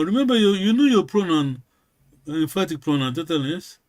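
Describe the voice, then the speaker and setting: A man who speaks natively, teaching a lesson over a video call, slow and patient, often checking in with a quick "yes?". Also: on the high side, sing-song, a little mellow. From Congo region, Kikongo-speaking village. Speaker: language teacher. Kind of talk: online language lesson.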